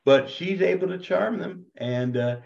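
A man teaching a Bible class in a lively, joking way, hamming it up as he lectures. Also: sits high, a little slow, gravelly. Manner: animated, joking, self-described ham. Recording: dull lo-fi recording.

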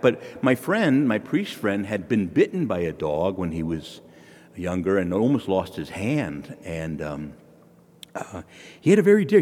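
In a relaxed, folksy manner full of homely asides, a priest tells stories while preaching a sermon to his congregation. His voice sits on the low side and rises and falls in a lively sing-song, with a long church reverb trailing each phrase.

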